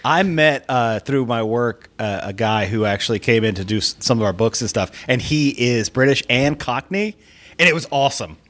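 A man co-hosting a casual movie podcast, making wry quick quips and chuckling. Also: medium pitch, lively intonation, a bit bright. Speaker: podcast co-host. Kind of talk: casual movie commentary chat.

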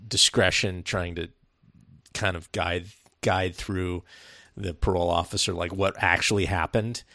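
A man's voice: deep voice, little pitch movement, measured pace, pushed and bright, no echo, clean studio sound. A man co-hosting a film podcast, talking in a laid-back way with many fillers and frequent laughs. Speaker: podcast co-host. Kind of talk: casual film review chat.

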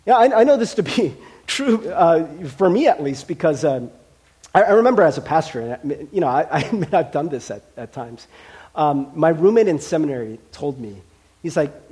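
A male pastor preaches in a chatty, conversational way, laughing often between points. His voice sits fairly high and swings widely as he gets animated, with plenty of fillers along the way. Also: moderate pace, breathy edge. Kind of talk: sermon.

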